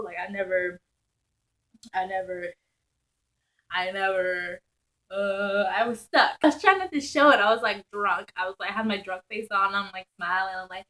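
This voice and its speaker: A young woman vlogger telling a wild night-out story in casual slang, animated and laughing often. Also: mid-range voice, moderate pace, low-quality recording.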